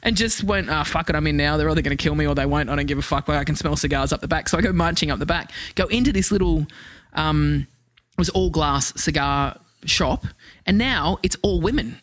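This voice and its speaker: A woman's voice: deep voice, fairly quick, no echo. Aussie woman rattling off a story, swears a lot, real dry close sound. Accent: Australian. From Australia. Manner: swears freely, animated anecdote-telling. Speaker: podcast guest. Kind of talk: casual chat, storytelling.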